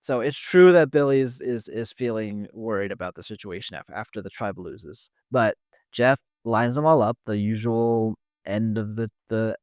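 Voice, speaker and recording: A man's voice: lowish voice, normal speed, a little mellow, dry recording, studio quality. A man hosting a podcast, chatting casually and often restarting his sentences as he recaps a show. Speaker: podcast host.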